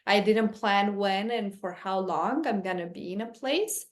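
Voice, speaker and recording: Earnest woman host telling a personal story. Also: mid-range voice. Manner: earnest and animated, quick bursts when excited. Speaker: podcast host.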